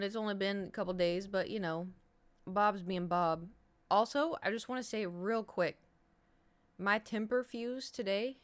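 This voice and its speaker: Candid, rambling woman streamer. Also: medium pitch. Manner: rambling, candid, swears freely. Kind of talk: casual live-stream chat.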